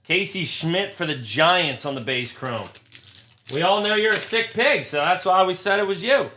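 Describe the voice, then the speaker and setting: A man's voice: high voice, animated, moderate pace, bright, forceful tone, a little hiss or hum. Cursing, exasperated man opening trading cards. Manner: profane, frustrated, talks to chat. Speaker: card break host. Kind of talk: live card break stream.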